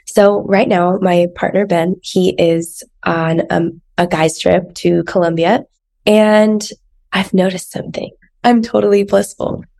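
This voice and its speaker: A woman's voice: on the low side, fairly even intonation, measured pace, vocal fry, a little mellow. A woman life coach hosting her own podcast in a chatty, personal way, with frequent asides. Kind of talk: casual solo podcast talk.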